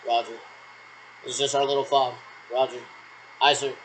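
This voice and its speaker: A man's voice: medium pitch, flat delivery, normal speed, a bit bright, low-quality recording. A man in the middle of a long radio check, his talk looping and meandering. He leans on clipped military replies over and over. A faint hiss sits under his voice. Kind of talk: rambling one-sided radio check talk.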